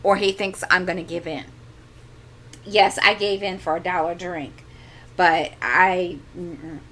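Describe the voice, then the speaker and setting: A woman's voice: lowish voice, fairly even intonation, unhurried, fairly bright tone. A middle-aged woman hosting a crafting channel, chatting casually at home into a desk microphone and telling a long, exasperated story full of asides. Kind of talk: casual chat.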